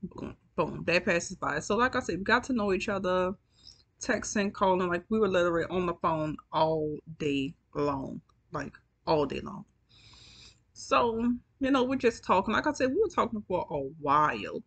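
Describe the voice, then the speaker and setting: Woman doing a storytime vlog, yawny and tired, swearing casually and chatting to y'all. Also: on the low side. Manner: chatty, profane, addresses viewers as y'all. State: yawning, sleepy. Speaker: storytime vlogger.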